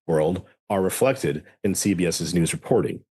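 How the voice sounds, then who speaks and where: Rambling low-voiced man. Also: moderate pace, warm tone, breathy edge, no room sound. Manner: rambling, self-correcting with many restarts and fillers. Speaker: podcast co-host. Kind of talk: casual political chat.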